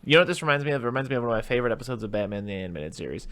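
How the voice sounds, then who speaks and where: A man's voice: medium pitch, rapid-fire. A man hosting a casual movie podcast, rambling through stories and acting out quotes as he goes. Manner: rambling, animated retelling with put-on quotes. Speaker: podcast host.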